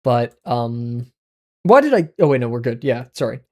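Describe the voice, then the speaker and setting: Male streamer at a desk mic, casual running chat, mid-pitched, quick yelps and muttered asides. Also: big pitch swings. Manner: chatty, reacting aloud with sudden yelps and mumbled asides. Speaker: art livestreamer. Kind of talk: casual livestream chat playing daily web games.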